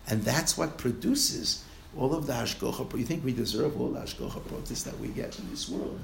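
Animated rabbi, gravelly and echoey. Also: male voice, mid-range voice. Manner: animated, rising to exclamations and trailing into soft asides, laughing at times. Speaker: rabbi giving a Torah lecture. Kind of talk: Torah lecture. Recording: echoey room with faint noise.

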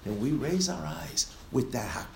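Animated rabbi, gravelly and echoey. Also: male voice, mid-range voice, measured pace. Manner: animated, rising to exclamations and trailing into soft asides, laughing at times. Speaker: rabbi giving a Torah lecture. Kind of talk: Torah lecture. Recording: echoey room with faint noise.

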